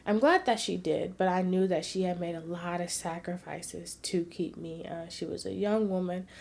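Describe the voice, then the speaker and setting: A woman's voice: lowish voice, steady tone, normal speed, gravelly. Reflective woman telling a personal story. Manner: reflective, earnest, soft-spoken at times. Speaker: vlogger.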